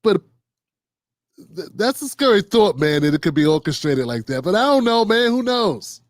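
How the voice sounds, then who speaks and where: High-pitched man riffing on politics. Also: normal speed, dry recording, studio quality. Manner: loose, animated, riffing with slang and quoted voices. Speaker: host. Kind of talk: casual political commentary livestream.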